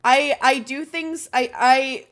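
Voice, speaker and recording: A woman's voice: sits high, fairly even intonation, slow, fairly bright tone. A woman streamer chatting casually while playing a game, nervous and self-deprecating, swearing and restarting her sentences. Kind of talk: casual let's-play chatter.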